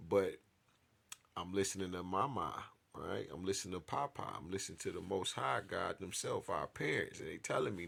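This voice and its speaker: Gravelly husky man telling a story. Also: normal speed. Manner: animated, gets loud and high when worked up. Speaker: streamer reacting to a video. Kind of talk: profane casual storytelling.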